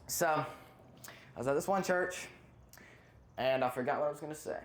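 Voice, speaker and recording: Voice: mid-range voice, moderate pace. Rambling stand-up comedian. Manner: rambling, loses place and self-interrupts.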